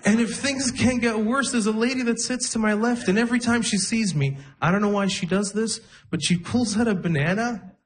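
A man's voice: high-pitched, brisk. A young man in his twenties doing a stand-up comedy set live, telling stories in a conversational way and acting out the people in them. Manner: conversational storytelling, acts out quoted people. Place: live comedy show before an audience. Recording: live show with audience noise.

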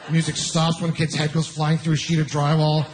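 A man with a fairly high voice works a stand-up set, spinning stories with incredulous, exasperated asides. The live recording carries clear room noise and audience laughter behind him. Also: completely flat delivery, a little fast. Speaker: stand-up comedian.

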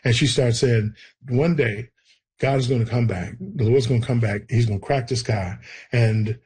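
A man telling a personal story in a conversation, acting out the people he quotes in a lively way. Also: mid-range voice, moderate pace, husky. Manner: animated, acts out the people he quotes. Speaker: guest telling his testimony.

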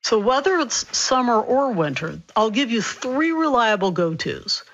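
A woman physician explaining health topics in a radio interview, brisk and clear. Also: a little high, very animated, fairly bright tone, highs cut off.

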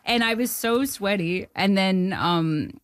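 A woman in her thirties from Canada, a filmmaker and former music journalist, telling stories in a casual interview with lively acted-out dialogue and frequent laughter. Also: mid-range voice, takes it slowly, clean tone, no echo. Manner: animated storytelling, acts out quoted dialogue, laughs often.

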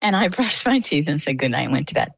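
An older woman from Maine, a guest telling her own story in a chatty, lively way. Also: low-pitched, fast, vocal fry, slightly rough, no room sound. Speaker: interview guest. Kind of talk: casual storytelling.

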